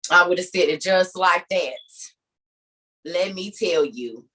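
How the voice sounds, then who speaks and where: A woman preaching in a lively, conversational way on a video call. She acts out scenes as she tells them, laughs often and keeps turning to her listeners with emphatic repeats. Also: on the low side, slow. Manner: emphatic and repetitive, addressing listeners directly. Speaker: speaker leading an online group meeting.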